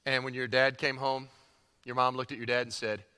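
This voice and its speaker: A man preaching a sermon, emphatic and animated, repeating phrases for emphasis. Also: medium pitch, brisk, smooth. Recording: long hall reverb.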